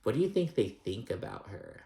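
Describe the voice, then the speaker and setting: A man's voice: on the low side, huge pitch swings, normal speed, gravelly, warm tone. A man casually recapping a reality show, chatty, sassy and profane, with many filler words. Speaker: recap vlogger.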